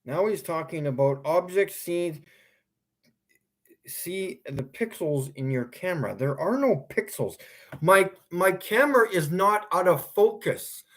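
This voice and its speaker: Slow, swinging, profane ranting man. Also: high-pitched, lively intonation, fairly bright tone. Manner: angry, profane ranting, breaking into laughter; lecturing, repeats commands. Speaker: vlogger. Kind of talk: ranting monologue to camera.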